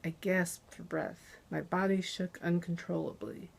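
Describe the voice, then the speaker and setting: Slow-reading woman author narrating crime. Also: on the low side, steady tone, vocal fry, husky. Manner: measured, deliberate narration. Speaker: author reading her novel. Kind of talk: first-person crime novel reading. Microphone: close handheld dynamic USB mic.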